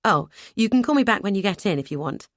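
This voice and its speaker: A woman's voice: mid-range voice, animated, quick pace, no room sound, studio quality, close to an everyday voice. A woman voicing a brusque, dutiful adult brother who talks bluntly and matter-of-factly in an audiobook. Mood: curt.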